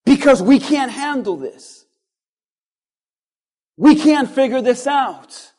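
A male pastor preaching a sermon, firing off strings of rhetorical questions and pausing for effect, moving between hushed and loud lines. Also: very high-pitched, lively intonation.

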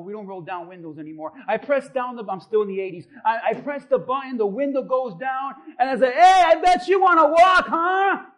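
A man preaching a sermon as pastor, building to shouted refrains and acting out voices. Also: high voice. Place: church.

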